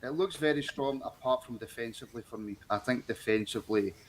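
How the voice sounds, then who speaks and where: A man's voice: mid-range voice, brisk. A man hosting a football podcast phone-in, taking calls in an easygoing way and asking callers follow-up questions. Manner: easygoing, takes calls, asks follow-ups. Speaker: podcast host.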